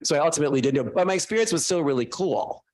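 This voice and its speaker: A man, a guest author, telling animated, self-mocking stories casually to a class. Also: fairly high pitch, very fast.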